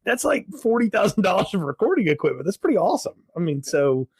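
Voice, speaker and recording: Man, thirties, slightly high husky voice, dry close mic, animated podcast co-host. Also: quick pace, no room sound. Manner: animated storyteller, laughs often. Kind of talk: casual chat.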